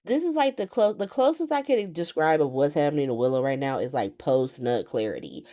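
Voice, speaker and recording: Woman doing a soap recap, swears a ton, lowish voice, lots of laughing. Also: brisk, hardly any pauses. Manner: animated, heavy swearing, laughs often. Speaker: soap opera recap host. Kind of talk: casual profane recap.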